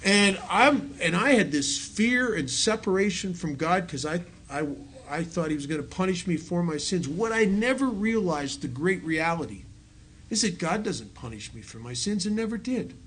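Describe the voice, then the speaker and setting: A middle-aged man gives a personal recovery talk in a meeting hall with a live audience, leaning on self-mocking humor. His high-pitched voice is a bit bright, with lively intonation and a moderate pace, against slight background noise.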